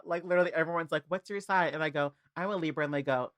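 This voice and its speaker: A man in his twenties, a guest on a casual chat podcast, talking in a sassy, animated way and acting out the voices he quotes. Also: a little high, rapid-fire, no echo, studio quality. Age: 20s.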